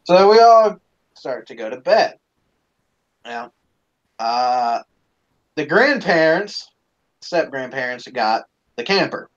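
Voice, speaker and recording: A man's voice: mid-range voice, very animated, takes it slowly, pauses often. A man hosting a live stream, casually telling a rambling, profane story with plenty of swearing, on a dull lo-fi recording.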